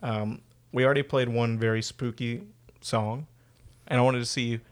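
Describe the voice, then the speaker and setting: A man's voice: mid-range voice, steady tone, moderate pace. A man hosting a casual podcast chat, joking around and laughing often. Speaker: podcast host.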